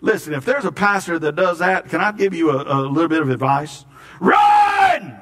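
A man's voice: fairly high pitch, brisk, a bit bright. A man preaching a sermon in a folksy, storytelling way, often repeating words. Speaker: pastor.

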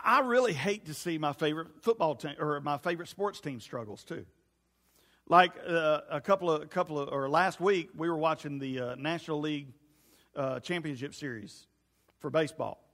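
A man's voice: on the high side, a bit bright. A man preaching a casual sermon, rambling into jokey asides and talking straight to the congregation. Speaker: youth pastor. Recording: long reverb in a hall.

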